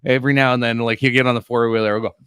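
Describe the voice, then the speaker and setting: A man's voice: medium pitch, level tone, racing, a bit bright, smooth. A middle-aged man co-hosting a live show, telling a funny family story with lots of laughing and swearing. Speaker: podcast co-host. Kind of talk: casual storytelling on a live stream.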